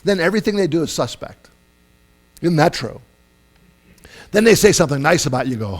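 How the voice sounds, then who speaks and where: A man preaches a sermon with an animated, conversational delivery, his slightly high voice jumping up in loud bursts whenever he acts out a quote. A low mains hum runs steadily beneath the recording. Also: fairly quick. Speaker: pastor.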